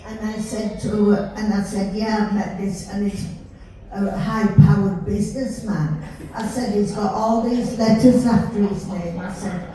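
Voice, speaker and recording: An older woman with a Yorkshire accent, chatting warmly as she tells stories from her life. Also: medium pitch, fairly even intonation, unhurried. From Yorkshire, England. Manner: chatty, warm storytelling with laughs. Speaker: storyteller recalling her life. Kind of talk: casual reminiscing. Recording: roomy, distant mic with faint hiss.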